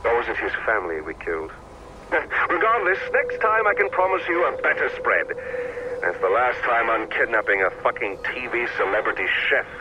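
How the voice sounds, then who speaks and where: A man's voice: mid-range voice, sing-song, normal speed, dull audio, noisy background, close to an everyday voice. An actor playing a menacing, flippant villain who mocks his captive with casual cruelty. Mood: mocking.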